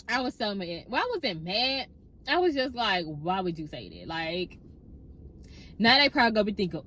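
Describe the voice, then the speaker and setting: A woman chatting in a car, telling a story straight to her viewers in a casual, expressive way. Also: medium pitch, normal speed. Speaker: storytime vlogger.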